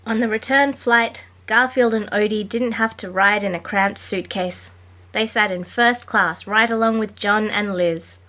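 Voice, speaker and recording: A woman's voice: medium pitch, fairly even intonation, a little slow, pushed and bright. A woman guest on a podcast, reading book passages aloud and chatting in a dry, easygoing way.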